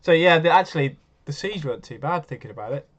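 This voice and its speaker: A man's voice: a little high, lively intonation, quick pace, lo-fi sound. A man hosting a live stream, chatting casually and answering viewers' comments as he goes.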